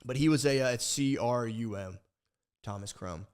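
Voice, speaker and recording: A young man co-hosting a podcast, telling a story in a rambling, profane, animated way, full of restarts. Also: medium pitch, moderate pace. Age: young adult. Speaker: podcast co-host. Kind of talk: casual podcast chat.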